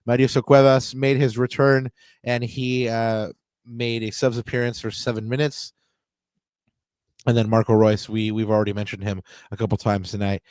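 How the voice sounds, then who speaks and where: A man co-hosting a casual sports podcast, his voice smooth and clean with a mid-range pitch. He reads stats conversationally, stumbling into frequent fillers and restarts. The recording is dry and close, with no room sound. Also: flat delivery, moderate pace, darkish tone, dry recording. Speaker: podcast co-host.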